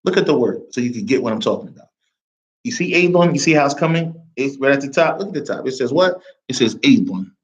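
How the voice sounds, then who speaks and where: Quick-talking American man teaching a class. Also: medium pitch, lo-fi sound. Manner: lively, mixes English with Arabic reading, checks understanding often. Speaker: Arabic teacher. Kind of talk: classroom lesson.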